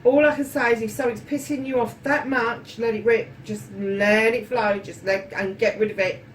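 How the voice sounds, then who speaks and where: A fairly high-voiced woman chats her way through a tarot reading, affectionate and loose-tongued, with swearing dropped in freely. She sits a little back from the mic, and faint room noise lies under her voice. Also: steady tone, moderate pace, recorded from a distance, rough recording. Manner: chatty and affectionate, swearing freely, calls viewers darlings. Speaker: tarot reader.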